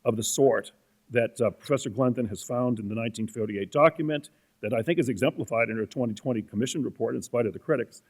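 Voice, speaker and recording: A man delivering prepared academic remarks on a panel. He speaks in a measured, deliberate way, with frequent hesitant fillers, at a middling pitch. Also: darkish tone. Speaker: panel respondent.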